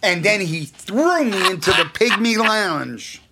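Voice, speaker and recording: Gravelly middle-aged man telling stories. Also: high-pitched, very animated, measured pace, background noise. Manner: acts out quotes, restarts often. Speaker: music producer guest. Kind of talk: animated storytelling.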